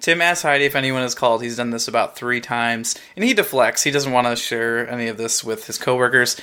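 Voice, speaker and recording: Bright voiced guy on a podcast, jokey, recapping a tv show. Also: medium pitch, brisk, smooth. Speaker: podcast co-host. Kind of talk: casual chat recapping a sitcom episode.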